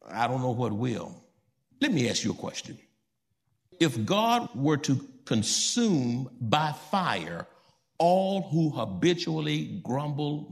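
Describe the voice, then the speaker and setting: A man preaching a sermon to his congregation in church, asking them questions and building to emphatic high points. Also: gravelly. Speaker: pastor.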